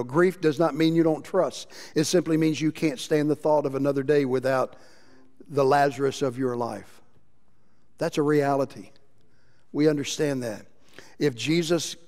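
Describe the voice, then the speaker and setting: Impassioned pastor in a reverberant church. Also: male voice, mid-range voice. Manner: impassioned preaching, shifts between loud emphasis and quiet. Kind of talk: sermon. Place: church sanctuary. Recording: long reverb of a church hall.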